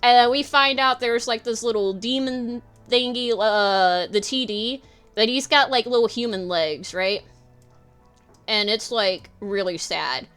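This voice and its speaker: Woman streamer, casual rambling commentary, bright crisp voice, unhurried, faint music behind. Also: fairly high pitch. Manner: rambling, giggly, swears freely. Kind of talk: casual livestream commentary while drawing.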